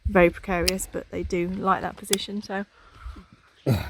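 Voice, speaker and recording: A woman's voice: on the low side, flat delivery, normal speed, background noise. A woman chatting casually for a travel vlog outdoors, with many hesitations and ums. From England. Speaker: vlogger. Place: outdoors in hills.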